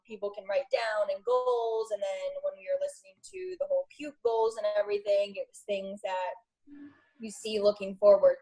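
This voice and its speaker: A woman's voice: medium pitch, mellow, poor audio. Chatty, rambling young woman guest. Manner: rambling and chatty, often laughing at herself. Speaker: interview guest, new coach. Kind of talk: casual interview.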